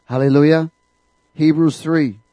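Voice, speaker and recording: A man delivers a fervent sermon in a church, throwing questions out to the congregation for them to answer back. His voice is mellow and warm. The recording is dry and close. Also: a little high, level tone, unhurried, no echo, rough recording. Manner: fervent, call-and-response preaching. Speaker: preacher.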